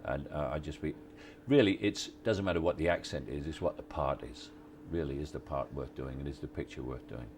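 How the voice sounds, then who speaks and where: A man, giving relaxed, halting interview answers on location at a film set, with many restarts and wry chuckles. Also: very deep voice, a little hiss or hum. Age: 60s. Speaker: actor interviewee.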